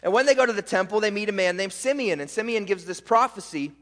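A male pastor preaching a sermon, emphatic, asking rhetorical questions and slowing down on key words. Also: high-pitched, lively intonation, fairly bright tone. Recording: reverberant sanctuary.

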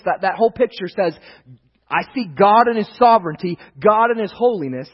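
A male pastor with a high, husky voice preaches a sermon emphatically, his intonation lively. He slows and swells on key lines, then drops low and soft for asides, in a dull, lo-fi recording with long reverb.

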